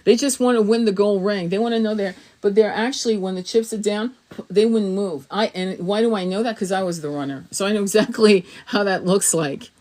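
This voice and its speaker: A woman's voice: medium pitch, brisk, darkish tone. Blunt, profane woman tarot reader. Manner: blunt and profane, emphatic, laughs often. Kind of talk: casual spoken reading to camera.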